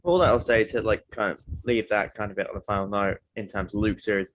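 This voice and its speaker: A man hosting a casual podcast interview, with relaxed, brief replies and questions. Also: on the low side, quick pace. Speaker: podcast host.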